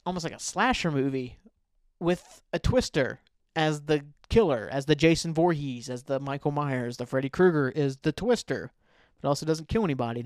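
A man with a slightly high voice rants casually and sarcastically about bad movies on his solo podcast, swearing freely as he rambles. The recording is dry and close, with no room sound. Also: no echo. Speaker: podcast host.

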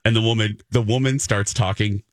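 A man's voice: on the low side, fairly quick, a loud crowd. A man hosting a morning radio show, telling a story animatedly and acting out the voices of the people in it. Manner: lively, acts out voices in his anecdotes. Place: radio studio. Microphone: studio microphone.

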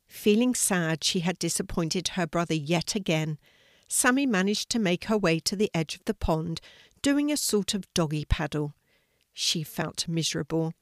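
An older woman reads a children's story aloud, gentle and expressive, in a fairly low voice. The sound is dry and close, with no room around it. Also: dry recording.

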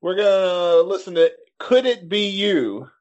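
A man co-hosting a podcast, chatting casually with a low-key, dry joking manner. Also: animated, unhurried, a little mellow, muffled recording. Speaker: podcast co-host.

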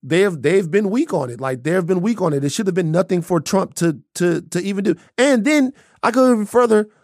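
A man's voice: sits high, animated, fairly quick, darkish tone, no echo, clean studio sound. A man co-hosting a podcast, making his points emphatically and repeating lines for stress. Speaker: podcast co-host. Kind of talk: casual chat.

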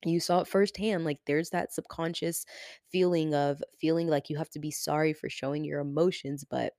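Her voice sits low and moves at a moderate pace as this young woman hosts her own podcast in a casual solo monologue. She's animated and chatty, full of "like" fillers and swearing, and becomes emotional, nearly tearful. The recording is dry with clean studio sound.

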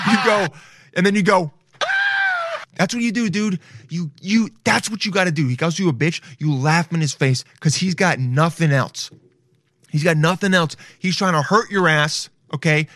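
A man with a slightly high voice gives an animated, foul-mouthed talk straight to his viewers. He swears freely and talks loosely. The sound is dry and close, with little room around it. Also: dry recording. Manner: loud, animated, swearing, addressing viewers directly. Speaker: vlogger. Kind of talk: casual profane monologue.

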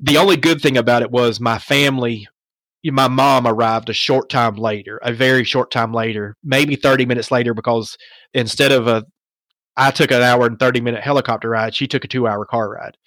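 A man recounting a personal story as a podcast guest, with lively rhetorical asides and self-questioning. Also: medium pitch, a little fast, no room sound.

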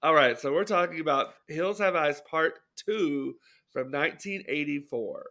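A man's voice: fairly high pitch, moderate pace, pushed and bright. A man co-hosting a podcast in casual chat, asking emphatic, incredulous questions. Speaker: podcast co-host.

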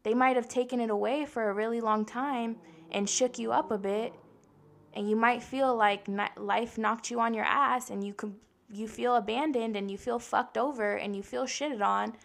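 A woman's voice: a little high, fairly even intonation, normal speed, vocal fry. A young woman hosting a casual self-help podcast, blunt and profane, talking straight to her listeners and acting out the voices she quotes. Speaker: podcast host.

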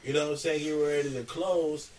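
A man's voice: fairly high pitch, fairly even intonation, fast talker, darkish tone, far from the mic, slight background noise. A man co-hosting a casual chat, telling a profane story and laughing through it.

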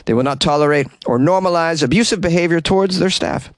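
A man's voice: a little high, quick pace, no echo. Sarcastic man riffing on weird news. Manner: sarcastic, reads news then riffs on it. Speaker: podcast host. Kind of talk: comedic news commentary. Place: small closet.

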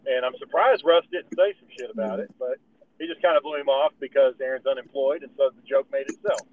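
A man's voice: medium pitch, quick pace, narrow, tinny audio. A man co-hosting a podcast, swearing freely and telling stories in casual banter. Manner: profane, storytelling. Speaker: podcast co-host.

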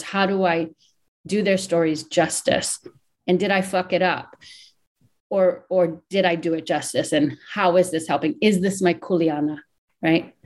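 A woman's voice: lowish voice, a little mellow. Candid, emotional woman author. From Hawaii. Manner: candid, emotional, thinks aloud. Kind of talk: interview, reflective talk.

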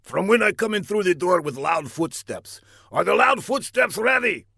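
A man voicing a fussy, theatrical male villain leader with a lush, booming delivery. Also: expressive, normal speed, vocal fry, slightly rough, no echo, studio quality, full character voice. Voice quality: lush, booming, prone to shouting.

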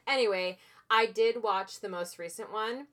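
A woman's voice: medium pitch, moderate pace, a bit bright. Blunt, joking woman podcaster. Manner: blunt, joking, swears freely, laughs often. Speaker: podcast co-host. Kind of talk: casual chat.

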